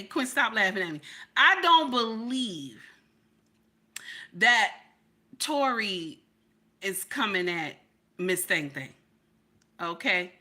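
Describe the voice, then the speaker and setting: A middle-aged woman hosting casual livestream commentary, loud and playful, answering her chat as she talks. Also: medium pitch.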